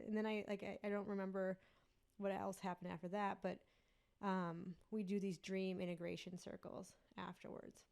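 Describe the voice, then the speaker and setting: A woman's voice: medium pitch, flat delivery, moderate pace, gravelly, darkish tone. A woman guest on a podcast, earnestly telling a personal story in a rambling way with many fillers.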